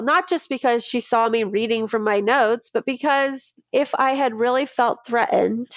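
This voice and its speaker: Candid higher-voiced woman recounting her ordeal. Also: no room sound. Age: adult, mother of a daughter. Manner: candid, emotional storytelling with quoted dialogue. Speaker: interviewee recounting her experience. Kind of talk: personal testimony in a true-crime podcast.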